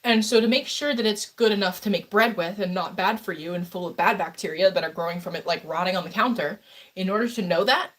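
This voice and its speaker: In a fairly low-pitched voice, speaking fast, a woman livestreams from her home kitchen as she bakes. She chats casually and rambles, addressing her chat head-on.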